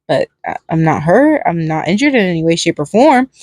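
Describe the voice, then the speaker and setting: A woman's voice: on the low side, big pitch swings, brisk, a little mellow, no room sound, studio quality, voice pushed down. A woman voicing a manic, clingy male killer clown in a fan fiction reading, stammering between pleading and giggling. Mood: unhinged, clingy.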